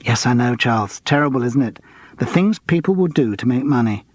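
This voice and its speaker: A man's voice: mid-range voice, lively intonation, a little fast, lightly acted. A man reading an audiobook, voicing a young male escort and out-of-work actor who talks in a breezy, cheeky, gossipy way.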